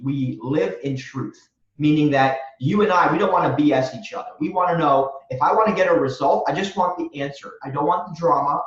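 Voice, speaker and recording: A man's voice: fairly high pitch, a bit bright. Earnest man, distant roomy lo-fi sound. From Romania. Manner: earnest, motivational, repeats phrases for emphasis. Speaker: guest, real estate wholesaler. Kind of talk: podcast interview answer.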